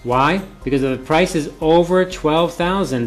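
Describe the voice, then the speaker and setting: A man's voice: fairly high pitch, moderate pace, faint music behind. A male professor giving a classroom lecture, often repeating key points and asking rhetorical questions.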